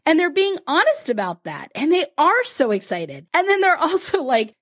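A high-pitched woman hosting a podcast, animated and chatty as she speaks straight to her listeners. Her voice swings widely between high and low, and she breaks into laughter often while she tells the story. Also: normal speed, few pauses. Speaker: podcast host and business coach.

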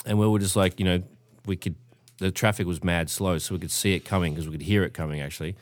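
A man's voice: low-pitched, fairly even intonation, quick pace, no echo. A young Australian man telling crude party stories in a casual chat, full of slang. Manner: crude, laid-back slang, acts out quoted voices. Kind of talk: casual storytelling.

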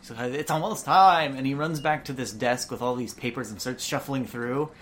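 A woman's voice: a bass voice, brisk, slight background noise. A woman narrating as game master, describing scenes loosely with many filler words. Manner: casual, lots of "like" fillers.

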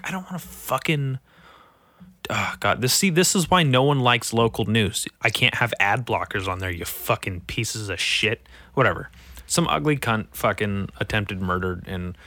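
A man's voice: mid-range voice, pushed and bright, dry recording. Profane grumbling man. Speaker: podcast host. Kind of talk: solo podcast, reading headlines.

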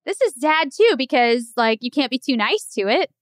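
Expressive woman podcast co-host. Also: high voice, normal speed, no room sound, clean studio sound. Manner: expressive, reacts with gasps and laughs. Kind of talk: casual chat.

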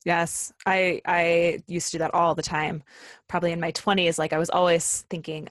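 A woman hosting a podcast interview who asks questions softly and reflects on her twenties. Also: low-pitched, flat delivery, moderate pace, no echo, studio quality. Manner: soft agreeing interjections. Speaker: podcast host.

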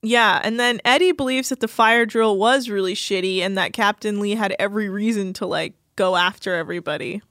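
A woman's voice: mid-range voice, a little fast, few pauses, fairly bright tone, no room sound, studio quality. A young woman co-hosting a podcast, chatting casually and sarcastically with lots of fillers. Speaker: podcast co-host. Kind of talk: casual chat recapping a reality show.

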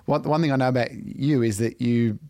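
A man's voice: medium pitch, brisk, vocal fry, a little mellow, no echo, studio quality. A man hosting a podcast, chatting casually with his guest and often restarting his sentences. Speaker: podcast host. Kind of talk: casual interview chat.

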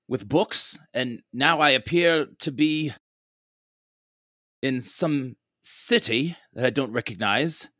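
A man's voice: mid-range voice, fairly bright tone, no room sound, studio quality, pitched above the performer's own voice. A man voicing a bewildered adventurer who asks confused, anxious questions.

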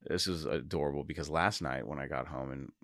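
A man hosting his own podcast, talking casually and excitedly to his listeners and often laughing. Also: very deep voice, a little fast, gravelly, dry recording, studio quality. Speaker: podcast host. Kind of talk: casual solo podcast monologue.

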